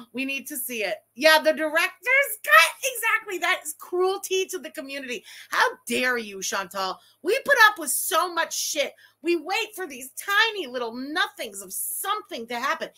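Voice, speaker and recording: Streaming live, a woman reacts with a high, bright voice that carries a tense edge. She curses freely, erupts into laughter and indignant rants, and between these excitable, profane outbursts she thanks her viewers.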